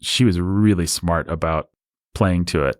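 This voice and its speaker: A man's voice: low voice, unhurried, dry recording, clean studio sound. A man co-hosting a casual film podcast, explaining at length with frequent restarts. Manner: talkative, explanatory, many restarts. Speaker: podcast co-host.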